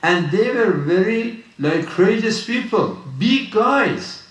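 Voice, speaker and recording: A man's voice: high voice, lively intonation, slow pace. A man giving an informal sermon, emphatic and repetitive, with frequent restarts. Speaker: religious speaker. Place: mosque hall. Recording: roomy, distant mic.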